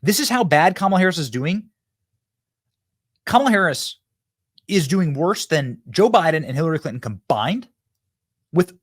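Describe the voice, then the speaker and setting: A man hosting a political commentary show, talking emphatically and mockingly, with sudden loud outbursts. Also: high-pitched, no room sound, clean studio sound.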